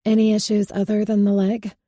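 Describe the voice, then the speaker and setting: A woman doing a brisk young nurse. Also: medium pitch, completely flat delivery, mellow, dry recording, studio quality, close to an everyday voice. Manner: brisk, direct. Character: young woman, worried but practical nurse.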